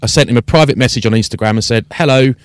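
Animated man telling a story. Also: medium pitch, very fast, no room sound. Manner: animated storytelling, acting out exchanges. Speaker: podcast host and rugby commentator. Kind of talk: casual podcast chat.

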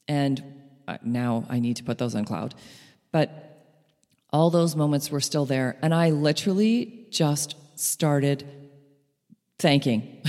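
A middle-aged woman telling a personal story to listeners, animated, laughing lightly between phrases. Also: low-pitched. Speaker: speaker. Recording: long hall reverb.

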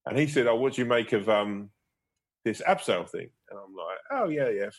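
A man's voice: fairly low pitch, expressive, normal speed. A man, a guest comedian, telling rambling anecdotes in a casual interview, laughing and swearing as he goes.

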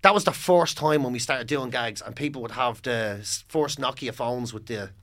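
An Irish man, a comedian guest on a podcast, telling stories in a lively, chatty way. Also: medium pitch. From Ireland. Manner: lively storyteller, quick and chatty. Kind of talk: casual podcast chat.

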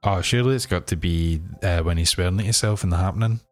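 A Scottish man co-hosting a podcast who talks haltingly, with many ums and restarts. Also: low-pitched. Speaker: podcast co-host. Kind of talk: casual podcast chat.

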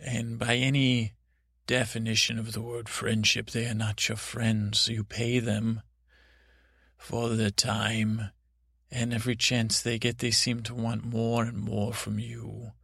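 A man's voice: fairly low pitch, level tone, gravelly, fairly bright tone, breathy edge, dry recording, studio quality, heavily acted. A man doing a rambling temperamental queen. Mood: commanding. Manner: rambling, halting, full of restarts. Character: proud temperamental queen, woman, adult.

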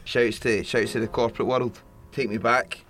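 A man's voice: medium pitch, steady tone, moderate pace, a bit bright. A man chatting casually on a podcast, joking and swearing as he talks. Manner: swearing, jokey, laughing. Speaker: podcast co-host. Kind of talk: casual chat.

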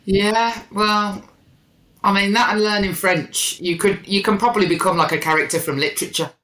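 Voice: medium pitch, fairly even intonation, normal speed, sharp tone, roomy sound. A podcast host, chatting casually in a wry, rambling way with plenty of fillers. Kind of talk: casual chat.

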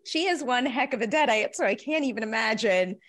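Woman, interviewer, fairly high voice, enthusiastic, chatty. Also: expressive, brisk, a bit bright. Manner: enthusiastic, effusive. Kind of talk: casual interview.

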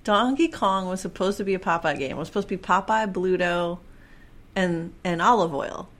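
A woman's voice: lowish voice, normal speed. A woman co-hosting a podcast in casual chat, blunt, profane and enthusiastic. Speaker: podcast co-host.

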